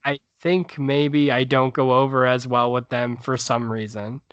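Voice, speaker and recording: A man's voice: medium pitch, little pitch movement, unhurried, clear, resonant tone, no room sound, muffled recording. A male stand-up comedian telling a story in a casual podcast chat, rambling with many fillers and restarts.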